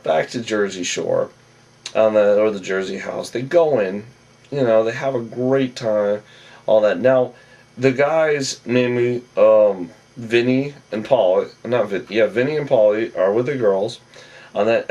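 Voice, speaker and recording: A man's voice: fairly low pitch, darkish tone, recorded from a distance, poor audio. A man giving a rambling, casual recap of a reality show episode, full of asides and self-corrections.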